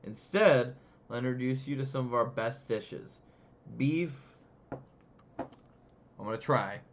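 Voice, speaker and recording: A man casually commentating his strategy game in an easygoing, unhurried way, his voice sitting in a middle register. He is chatty and self-deprecating, stumbling over foreign words and patiently trying them again. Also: medium pitch, dull audio. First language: English. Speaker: gameplay streamer.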